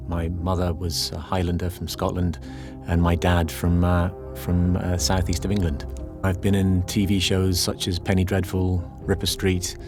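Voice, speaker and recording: A man, a voice actor, talking in an interview in a measured way with some hesitations. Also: sits low. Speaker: voice actor guest. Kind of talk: casual interview.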